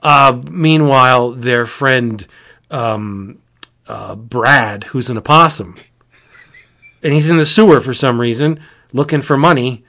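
A man chatting casually as a podcast host, retelling a comic in a rambling, animated way. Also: mid-range voice, takes it slowly. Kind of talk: casual chat.

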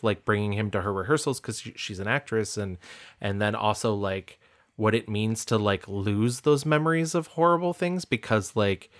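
Man, lowish voice, film podcast co-host, thoughtful measured critique, casual. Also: fairly bright tone. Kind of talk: casual film review chat.

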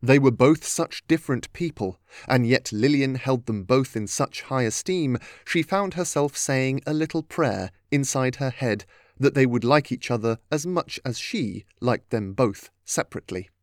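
A man reading a storybook aloud as narrator, in a steady, even manner. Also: mid-range voice, moderate pace, no echo, clean studio sound.

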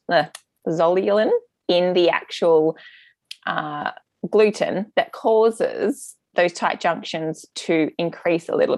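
A woman's voice: lowish voice, dry recording. Chatty gut health practitioner woman. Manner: chatty, explanatory, frequent fillers. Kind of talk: casual interview answers.

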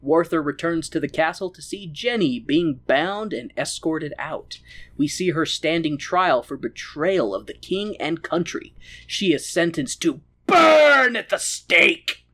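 Irreverent comedic recapper, laughs often, very animated pitch. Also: measured pace. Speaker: podcast host.

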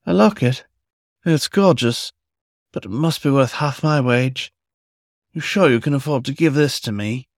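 A man's voice: medium pitch, measured pace, dry recording, studio quality, pitched above the performer's own voice, lightly acted. A man voicing an anxious, tearful young male fox in a storybook reading, eager and pleading. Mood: delighted.

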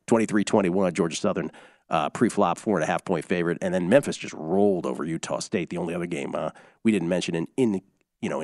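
A man's voice: deep voice, darkish tone, no echo, studio quality. A man hosting a sports betting radio show, talking loosely and rambling through scores and stats.

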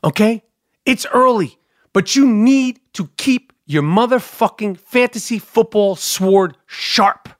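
A man hosting a solo comedic podcast, ranting in a profane, animated, mock-outraged way. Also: sits high, slow, no echo, studio quality. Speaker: podcast host.

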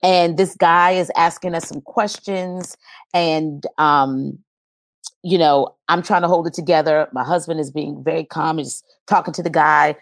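A woman with a low-pitched voice recounts a personal experience in an earnest, storytelling way. The sound is dry and close, with no room around it. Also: steady tone, measured pace, dry recording. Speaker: guest. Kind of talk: personal testimony in an interview.

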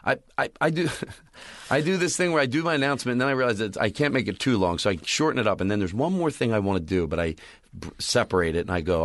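Rambling low-voiced comedian telling club stories. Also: male voice, quick pace, no room sound. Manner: rambling, animated storyteller acting out club announcements. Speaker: stand-up comedian. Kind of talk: casual podcast chat.

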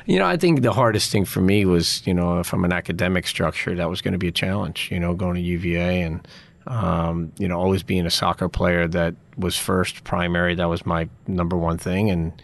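A man's voice: low voice, vocal fry. A middle-aged man, a former college soccer player, talking earnestly in an interview and leaning on "you know" as he reflects. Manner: earnest, drawn-out, filler-heavy with frequent "you know".

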